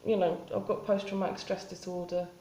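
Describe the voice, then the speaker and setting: A woman talking in a spontaneous confessional vlog, halting and rambling with many restarts and fillers. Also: lowish voice, flat delivery, mellow, echoey room, rough recording. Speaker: vlogger.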